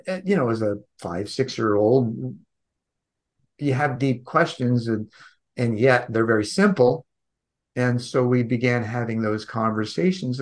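A man being interviewed on a podcast, telling a personal story in an earnest, gentle way with frequent restarts. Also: mid-range voice. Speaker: podcast guest.

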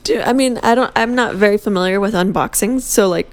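A woman's voice: medium pitch, a little fast. A woman co-hosting a podcast, chatting casually and giggling as she reads out an unboxing to her co-host. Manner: giggly, chatty, reads aloud with playful flourish. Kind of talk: casual chat during an unboxing.

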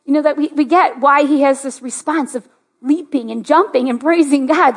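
A woman pastor speaks to her church in a chatty sermon. Her voice sits high, and she fills her story with "like". She often lifts into eager excitement. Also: moderate pace. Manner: chatty, lots of "like", rising to excited. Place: church sanctuary.

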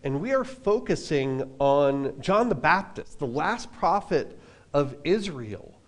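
A man preaching a relaxed sermon at a church service, telling a personal story with casual asides. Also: on the high side. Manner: casual, self-deprecating, lots of fillers and asides. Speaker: pastor.

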